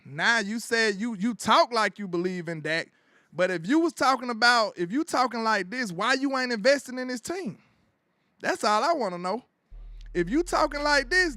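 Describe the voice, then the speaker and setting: A man hosting his own sports commentary show, ranting in an animated, slangy way and laughing as he goes. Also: high voice, dry recording.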